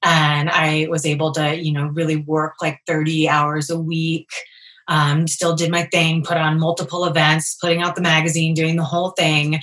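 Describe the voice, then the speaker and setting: A woman's voice: deep voice, flat delivery, moderate pace, fairly bright tone, low-quality recording. A woman in her thirties, an entrepreneur guest in an interview, talking openly and chattily with many fillers. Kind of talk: candid conversational interview.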